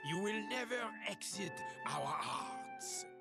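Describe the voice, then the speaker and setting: An actor voicing a jovial French male ambassador with a French accent, effusive and flattering. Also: sits high, takes it slowly, exaggerated voice. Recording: faint game audio from off-mic. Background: game music.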